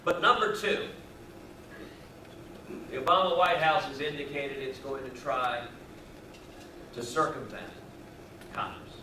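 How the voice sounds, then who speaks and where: A man's voice: mid-range voice, unhurried, long pauses. A man giving an emphatic, folksy campaign speech at a public event. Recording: echoey room, mic far off, crowd noise.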